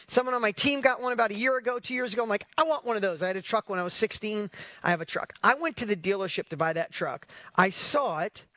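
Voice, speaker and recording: A man hosting an online business challenge, talking in a casual, energetic motivational style and often asking his audience rhetorical questions. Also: high voice, fast, dry recording. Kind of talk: casual motivational livestream talk.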